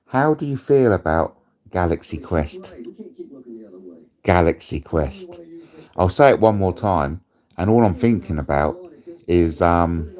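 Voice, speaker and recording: A man's voice: deep voice, darkish tone. A British man hosting a rambling livestream from his bed, crude and jokey, swearing freely. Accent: British English. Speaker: host. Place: in bed at home.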